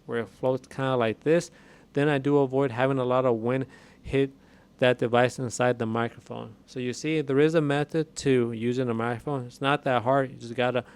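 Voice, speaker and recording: A man's voice: mid-range voice, smooth. Man casually explaining a mic setup. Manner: plain, conversational, repeats himself while explaining. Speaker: tech reviewer. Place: home room with a window. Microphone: USB dynamic microphone with headset.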